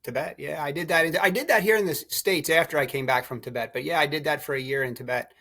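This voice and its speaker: A middle-aged man, a podcast guest, telling lively stories in a casual chat. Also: on the high side, quick pace, creaky. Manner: animated, laughing storyteller. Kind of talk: storytelling chat.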